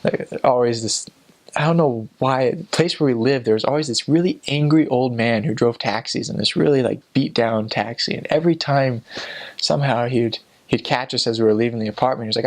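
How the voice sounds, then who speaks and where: A man's voice: mid-range voice, a little fast, poor audio. A young man, a returned missionary, telling stories in a casual, chatty way. He uses many fillers and restarts, and he acts out the voices of the people in his stories. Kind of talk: casual storytelling.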